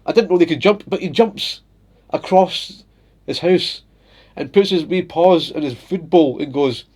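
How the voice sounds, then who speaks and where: A man's voice: a little high, unhurried, a little mellow. A young adult man casually telling funny stories about his pet and his workplace, laughing often and slipping into little voices. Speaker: vlogger. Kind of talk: casual storytelling.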